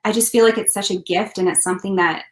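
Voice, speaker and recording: A woman's voice: medium pitch, steady tone, fast talker. A woman, a country singer, telling her story earnestly in a casual interview, with lots of fillers. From Canada. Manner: earnest, heartfelt, many fillers.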